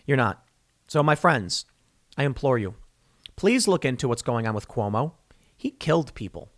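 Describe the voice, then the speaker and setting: Guy ranting sarcastically on his show, voice swings all over, fairly high, dry close sound. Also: dry recording. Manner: animated, sarcastic, acts out quoted voices. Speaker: show host. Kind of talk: political commentary monologue.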